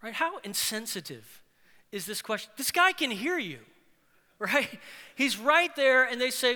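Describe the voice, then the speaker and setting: A man preaches in a church sanctuary, his high, very bright voice ringing with a long reverb. He is animated and acts out the people he quotes with sudden leaps in pitch. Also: normal speed. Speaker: pastor. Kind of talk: sermon.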